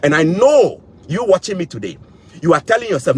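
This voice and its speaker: Fervent husky man rallying viewers. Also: sits high, very animated, fairly quick. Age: young adult. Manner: fervent, repeats phrases for emphasis, rallying. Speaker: vlogger. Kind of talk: impassioned monologue to camera.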